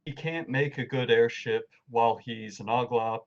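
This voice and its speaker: Male co-host, relaxed recapper, middle pitch, muffled lo-fi recording. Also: moderate pace, vocal fry. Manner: relaxed recapping, lots of fillers, laughs easily. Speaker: podcast co-host. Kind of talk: casual chat.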